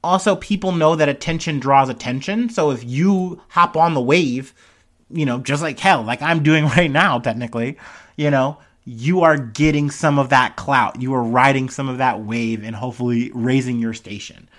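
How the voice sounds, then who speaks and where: A man's voice: medium pitch, moderate pace, fairly bright tone. Casual, profane young man commenting on the news. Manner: casual, profane, rambling with many fillers. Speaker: commentary host.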